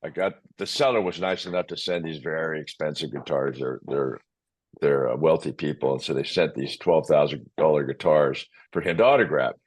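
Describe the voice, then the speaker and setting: A man, a real estate agent, telling a story in casual conversation, animated and acting out the people he quotes. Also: very deep voice, brisk, husky. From Hawaii.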